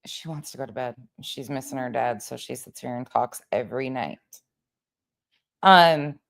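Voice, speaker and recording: A woman's voice: very deep voice, normal speed, creaky. A woman hosting a livestream commentary, frustrated and searching for words. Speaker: commentary host.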